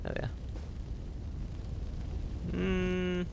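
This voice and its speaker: A man's voice: sits high, completely flat delivery, extremely slow, gravelly, background noise. A man hosting a let's play, giving chatty, self-mocking commentary as he plays and talking back to the game. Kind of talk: gameplay commentary.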